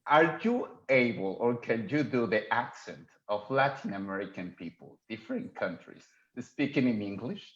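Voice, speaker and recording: Mexican-accented host, hesitant, echoey. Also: male voice, mid-range voice, expressive, normal speed, fairly bright tone. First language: Spanish. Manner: hesitant, searching for words. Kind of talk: interview hosting. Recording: echoey, dull-sounding room.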